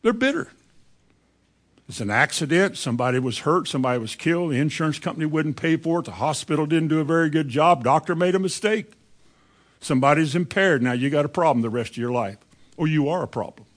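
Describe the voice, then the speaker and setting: Plainspoken preacher man, slightly high voice. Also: animated, fast talker. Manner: plainspoken, acts out bitter voices in quotes. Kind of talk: sermon.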